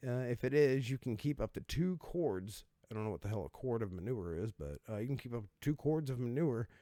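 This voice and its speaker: A man's voice: medium pitch, animated, brisk, mellow, dry recording, clean studio sound. A man hosting a casual comedic commentary, sarcastic and profane, laughing as he riffs with mock voices. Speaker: host reacting to odd laws.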